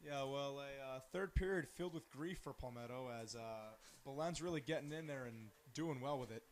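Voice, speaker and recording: A teenage male student giving brief analysis on a school lacrosse broadcast, speaking haltingly with many pauses. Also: mid-range voice. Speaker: guest commentator. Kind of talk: student sports broadcast commentary.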